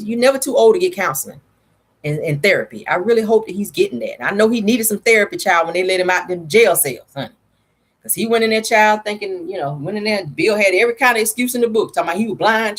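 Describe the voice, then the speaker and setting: A woman's voice: medium pitch, breathy edge. A woman vlogger giving casual gossip commentary in a sassy, chatty way, calling her viewers honey.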